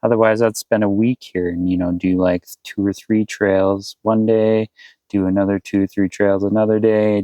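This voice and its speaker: A man's voice: lowish voice, darkish tone, no room sound, rough recording. A man chatting casually to his viewers in a vlog, rambling and thinking aloud as he plans his route. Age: adult, past eighteen. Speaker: vanlife vlogger. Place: inside his camper van.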